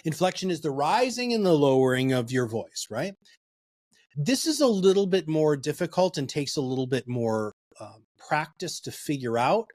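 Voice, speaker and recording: A middle-aged man, a guest author and speaker, explaining listening skills in an animated, emphatic way with big swings in pitch and pace. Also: normal speed, no room sound.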